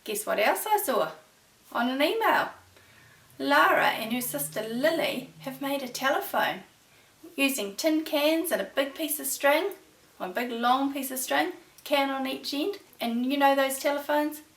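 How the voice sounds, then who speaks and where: A fairly high, bright woman's voice, talking to little ones in a warm, sing-song way. She sounds set back from the mic in an echoey room. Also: a little slow, far from the mic. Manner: warm, sing-song and encouraging, with big excited rises. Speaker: preschool teacher. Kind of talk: storytime lesson for young children.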